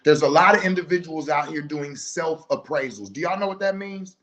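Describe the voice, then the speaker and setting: A man's voice: a little high, normal speed, fairly bright tone. A middle-aged man hosting a talk show, giving a blunt, profane, preachy monologue and telling stories from home. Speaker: podcast host. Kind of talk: casual monologue, commentary.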